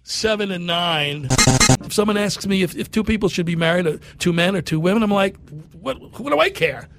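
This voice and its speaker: Middle-aged radio guy, high voice, rambling jokey stories, casual on-air banter. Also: a little fast, over loud music. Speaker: radio show host. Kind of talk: comedic talk radio banter.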